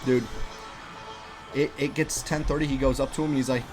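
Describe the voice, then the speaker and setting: A young man ranting at home about his restaurant job while playing a game, animated, profane and full of slang. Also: mid-range voice, fairly quick, over music. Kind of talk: casual rant over gameplay.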